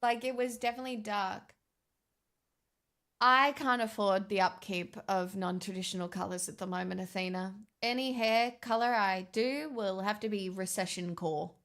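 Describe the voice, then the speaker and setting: A woman's voice: medium pitch, moderate pace, a bit bright. A young woman streaming, chatting casually with her viewers in a sarcastic, bantering way. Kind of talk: casual livestream chat.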